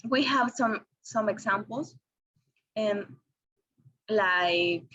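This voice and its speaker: Slow, careful woman presenting a lesson. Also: mid-range voice, fairly bright tone, highs cut off. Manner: slow and careful, with frequent ums and restarts. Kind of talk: reading a class presentation.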